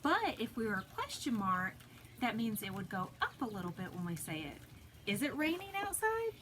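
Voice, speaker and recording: A woman teaching a phonics lesson to preschoolers, sounding out letters slowly and deliberately, recorded at home. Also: medium pitch, big pitch swings, fairly bright tone. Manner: slow, deliberate, sounds out letters for little kids. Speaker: pre-K teacher. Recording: noisy home video recording.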